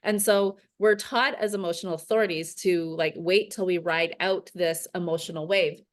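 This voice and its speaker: Woman coach on a video call, earnest and reflective, says "like" a lot, slightly low voice. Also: fairly even intonation, moderate pace. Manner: earnest, reflective, heavy use of "like".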